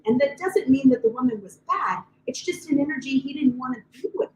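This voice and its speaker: Animated woman telling stories. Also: sits high, brisk, echoey room, slight background noise, rough recording. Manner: animated storytelling, acting out her own quotes. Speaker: podcast guest. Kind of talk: casual conversation.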